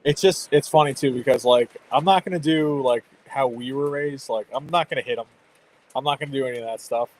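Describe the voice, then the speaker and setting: A man's voice: mid-range voice, brisk, slight background noise, low-quality recording. A man in his thirties hosting a stream, chatting casually about parenting and laughing often. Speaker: livestream host. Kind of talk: casual chat.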